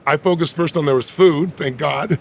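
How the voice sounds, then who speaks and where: A man in his sixties, a guest in an interview, telling a personal story in an animated, emphatic way with a gravelly voice. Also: on the high side, normal speed, slight background noise.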